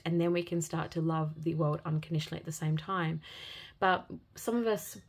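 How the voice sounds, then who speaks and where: Low, gravelly-voiced woman reading tarot. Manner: earnest, gentle and heartfelt, with many repeated phrases. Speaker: tarot reader. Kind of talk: intuitive tarot reading for viewers.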